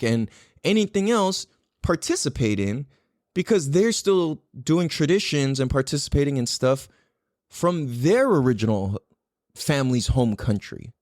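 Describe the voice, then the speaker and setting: A man's voice: mid-range voice, darkish tone, no room sound, studio quality. A man from the United States hosting a podcast, musing aloud in a casual monologue and swearing freely. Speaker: podcast host.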